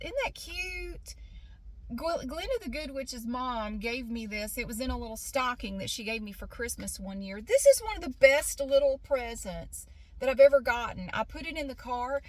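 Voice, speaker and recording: Talking to the camera like it's a friend, a middle-aged woman vlogger rambles through a casual video. Her voice is a little high, and she laughs frequently.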